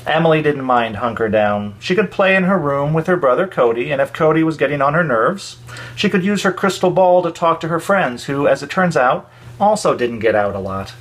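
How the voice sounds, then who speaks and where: A man reading a children's story aloud for a church, expressive with dramatic pauses. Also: on the high side.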